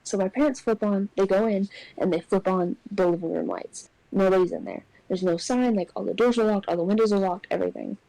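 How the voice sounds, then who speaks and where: A young woman casually telling a personal ghost story on a podcast, getting animated when she acts out what people said. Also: medium pitch, brisk, creaky, few pauses, no room sound, low-quality recording. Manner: animated, acts out quotes in raised voice. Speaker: podcast co-host.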